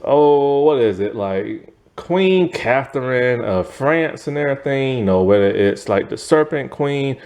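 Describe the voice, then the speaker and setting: A man talks through a TV series review in a loose, rambling way, with plenty of fillers and laughs along the way. His pitch swings up and down a lot. He takes his time and speaks at an unhurried pace. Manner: rambling and animated, heavy on fillers, laughs often. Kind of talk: casual spoken video review.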